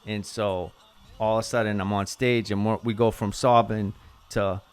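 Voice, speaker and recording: Low-voiced man telling a story. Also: steady tone, a little slow, clean tone. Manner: rambling, full of "like" and swearing. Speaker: dancer. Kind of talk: casual podcast storytelling.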